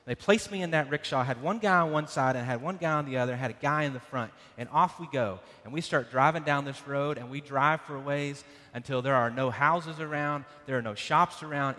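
A man preaching a sermon, telling a dramatic personal story with loud bursts and hushed passages. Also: medium pitch. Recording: long hall reverb.

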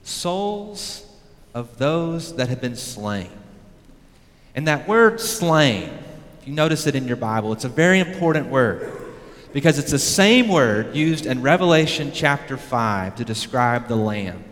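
A man delivers a sermon in a medium-pitched voice, pressing his points hard and then pulling back to low, quiet lines. The recording carries the long reverb of a church hall. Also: lively intonation, takes it slowly. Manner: emphatic preaching, rising to loud peaks and dropping low. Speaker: pastor. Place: church sanctuary.

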